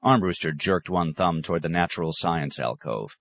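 A man narrating a novel in a calm, expressive storytelling voice. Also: very deep voice, a little fast, few pauses. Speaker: audiobook narrator. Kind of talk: scripted narration.

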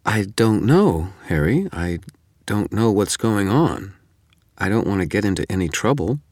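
A man voicing a tired, stressed woman reporter who talks quickly and presses with worried questions. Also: on the low side, sing-song, a little mellow, no room sound, studio quality, pitched above the performer's own voice. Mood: hesitant.

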